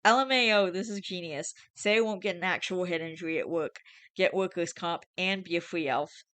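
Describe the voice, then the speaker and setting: A host reads online confessions aloud and drops in irreverent, freely sworn asides. The voice sits at a middle pitch. The sound is dry and close, with no room around it. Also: moderate pace, a bit bright, no room sound. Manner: chatty and irreverent, swears freely, laughs often. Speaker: channel host reading posts aloud. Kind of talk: casual reading of online confessions with commentary.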